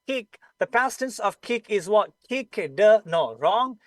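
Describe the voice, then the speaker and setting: A man's voice: high-pitched, sing-song, slow, dry recording. A man teaching English pronunciation in an online class, with a Pakistani English accent, explaining patiently and repeating the sounds he teaches.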